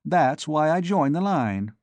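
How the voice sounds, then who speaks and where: A man's voice: fairly high pitch, lively intonation, slow, darkish tone, dry recording, voice pushed up. A man voicing an indignant young woman. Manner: clipped, indignant. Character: angry young woman, proud and sharp-tongued.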